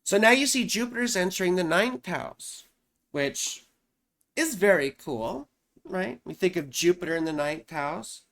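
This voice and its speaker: A woman's voice: lowish voice, lively intonation, a little slow. Chatty woman astrologer. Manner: chatty, loose, peppered with "you know" and "right?". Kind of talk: casual horoscope explainer.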